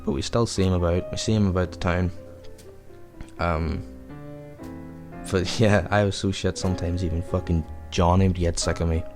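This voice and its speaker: A man's voice: low voice, fairly even intonation, normal speed, long pauses, music in the background. A young man hosting a podcast, telling a rambling, profane anecdote in a casual way. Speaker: podcast host. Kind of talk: casual storytelling.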